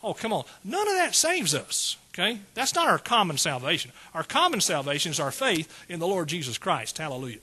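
A man preaching a sermon in a high, bright voice with a husky grain. His delivery is folksy and conversational, and he keeps checking in with the listeners. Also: very animated, brisk, few pauses. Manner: folksy, calls out to the congregation.

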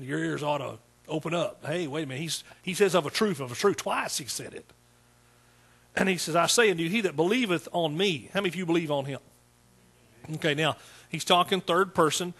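A man's voice: on the high side, fairly bright tone, breathy edge. A pastor preaching a sermon to a small congregation in a conversational way, repeating words and asking his listeners questions.

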